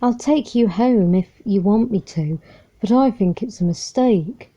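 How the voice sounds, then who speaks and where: A woman voicing a carefree male stray dog, rough and easygoing, with a breezy and gentle manner. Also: medium pitch, takes it slowly, natural voice. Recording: muffled lo-fi recording.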